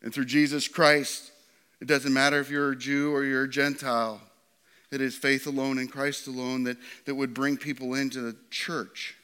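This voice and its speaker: A pastor preaching a sermon to his church, swinging from loud and excited to quiet and hushed. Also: mid-range voice, moderate pace, smooth.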